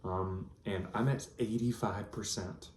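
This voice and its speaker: A man's voice: lowish voice, steady tone, unhurried, a little mellow, slight background noise. A man, rambling earnestly through a personal vlog with lots of ums. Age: 30s. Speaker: vlogger. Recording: echoey room.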